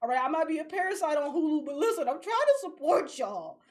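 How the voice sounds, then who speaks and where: Brief: young woman, high voice, animated profane rants, podcast co-host. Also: fast. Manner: animated, ranting, laughs often, profane. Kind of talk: casual podcast chat.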